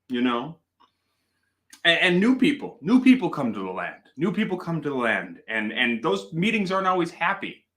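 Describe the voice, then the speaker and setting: A man's voice: a little high, a bit bright. A man hosting a casual live stream, playful and rambling, telling stories in a mock-serious way. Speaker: host.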